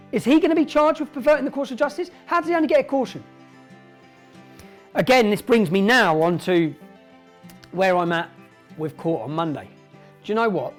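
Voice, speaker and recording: A middle-aged English man with an emphatic, indignant and repetitive way of talking, speaking straight to camera in a monologue. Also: on the high side. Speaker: online commentator.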